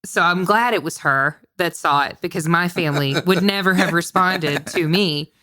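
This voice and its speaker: A woman's voice: fairly low pitch, moderate pace, bright, forceful tone. A woman co-hosting a podcast in casual chat, sarcastic and joking, swearing freely. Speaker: podcast co-host.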